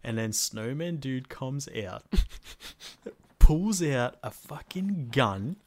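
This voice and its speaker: A male podcast co-host, retelling a game session in casual chat with lively acted quotes. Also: mid-range voice, drawn-out words.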